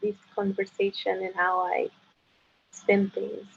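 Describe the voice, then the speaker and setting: A woman guest in a casual chat who talks in halting bursts with many restarts and likes to tease. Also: medium pitch, completely flat delivery, gravelly, slight background noise. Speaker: interview guest. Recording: dull lo-fi sound.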